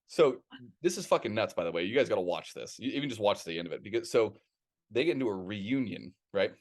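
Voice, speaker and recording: A man co-hosting a podcast, chatting casually and telling a story in a rambling, animated way with plenty of swearing. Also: fairly low pitch, fast talker. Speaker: podcast co-host.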